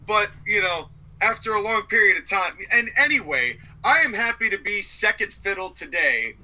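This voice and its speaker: Man, joking co-host, rambling, sharp bright voice. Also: high-pitched, expressive, normal speed, few pauses, low-quality recording. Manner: rambling, self-mocking jokes. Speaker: podcast co-host. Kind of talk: wrestling podcast chat.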